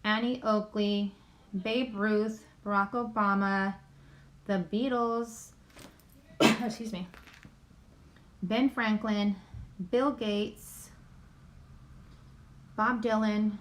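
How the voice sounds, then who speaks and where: A woman with a medium-pitched voice hosts a casual YouTube livestream from home, reading a list of names aloud. Her delivery is flat and drawn out, with frequent pauses, and she keeps apologizing for getting the names wrong.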